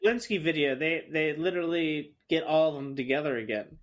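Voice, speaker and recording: A man's voice: fairly high pitch, a little fast. A man co-hosting a podcast in casual chat, steering topics and teasing the others. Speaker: podcast co-host.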